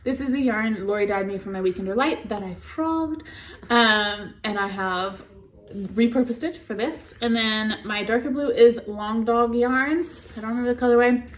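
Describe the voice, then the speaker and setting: A woman's voice: a little high, normal speed, a little hiss or hum. A woman co-hosting a podcast, chatting casually and rambling about her knitting, often laughing. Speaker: podcast co-host. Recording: echoey room.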